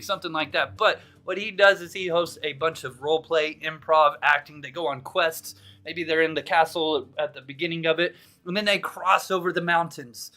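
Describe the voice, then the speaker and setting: A man's voice: on the high side, pushed and bright. A man hosting a live stream, chatting in a casual, upbeat and jokey way as he greets viewers by name.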